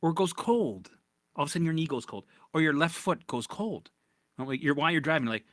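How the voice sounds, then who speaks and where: A man's voice: a little high, animated, a little fast, a bit bright, no echo, clean studio sound. A man coaching viewers in a casual livestream chat, answering their comments bluntly, swearing freely and often tagging "right?" onto his points. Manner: blunt and profane, keeps checking in with "right?". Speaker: recovery coach.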